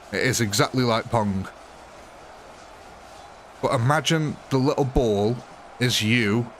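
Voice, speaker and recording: A man's voice: mid-range voice, fairly bright tone, a little hiss or hum. A British man streaming a game live, chatting casually and jokingly with his viewers. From Britain. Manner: joking, chatty, answers chat by name.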